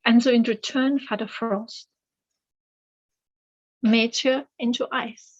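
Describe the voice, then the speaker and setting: A woman retells a fairy tale at a slow, thoughtful pace, pausing with fillers. Her voice sits a bit high. The recording sounds slightly muffled. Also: fairly even intonation. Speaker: author and storyteller.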